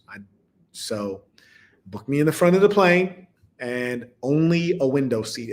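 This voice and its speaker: A man talks to his live audience in a loose, casual monologue as a podcast host. He speaks at a middle pitch and tells stories in an animated way, breaking into laughing asides. His delivery keeps shifting between hushed, slow stretches and loud, quick bursts.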